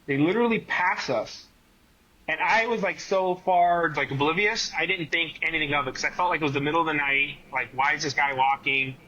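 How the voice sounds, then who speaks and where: A man's voice: fairly high pitch, brisk, lo-fi sound. A man, a guest on a running podcast, telling stories in casual conversation with lots of "like" fillers. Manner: animated storyteller, many fillers like "like".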